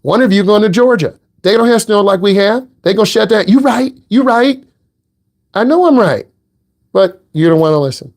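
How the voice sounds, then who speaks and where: A man's voice: high voice, lively intonation, a little fast, darkish tone. A middle-aged man from the Midwest giving a driving lesson in a blunt, teasing, direct way. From American Midwest. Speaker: driving instructor. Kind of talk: casual instructional talk.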